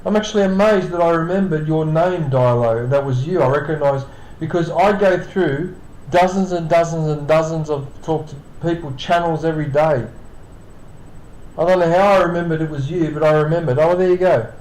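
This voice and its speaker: A man's voice: a little high, normal speed, darkish tone. Tired rambling streamer guy in a roomy room. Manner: rambling, self-correcting, chatty. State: tired, yawning. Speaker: streamer host. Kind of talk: casual live-stream chat. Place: home apartment. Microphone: computer setup with webcam.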